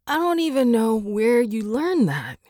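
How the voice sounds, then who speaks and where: A woman's voice: a little high, big pitch swings, measured pace, darkish tone, no echo, studio quality, pitched above the performer's own voice. A woman voicing a sleepy young woman in a storybook, groggy and exasperated at being woken.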